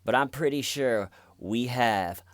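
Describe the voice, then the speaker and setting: A man's voice: mid-range voice, no room sound. A man giving a casual, wry commentary monologue, now and then mocking the people he quotes. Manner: slow, wry, acts out quotes in mocking voices. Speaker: commentary vlogger.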